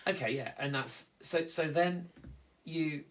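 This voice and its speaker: A man speaking earnestly in a reflective conversation, halting and restarting as he explains how he copes with loss. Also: fairly high pitch, a bit bright. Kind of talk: reflective conversation about grief.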